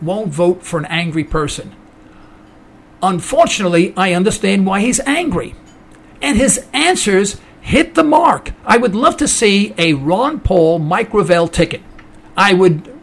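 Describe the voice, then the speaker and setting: Male American talk-radio host, opinionated monologue, high raspy gravelly voice. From United States. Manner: indignant, ranting, mocking quoted voices.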